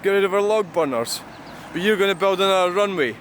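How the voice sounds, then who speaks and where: A man's voice: sits high, fast talker, fairly bright tone. A man rambling and grumbling as he vlogs beside a busy roundabout, swearing freely. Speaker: truck-spotting vlogger. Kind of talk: casual rambling monologue. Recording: outdoor traffic noise. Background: passing cars and trucks.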